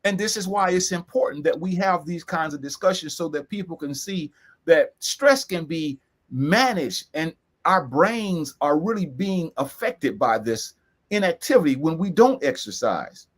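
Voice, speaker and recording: An emphatic man in co-hosts a serious talk, voice pitched high. He drives points home by repeating key phrases slowly. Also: expressive. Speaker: co-host. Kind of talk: earnest discussion.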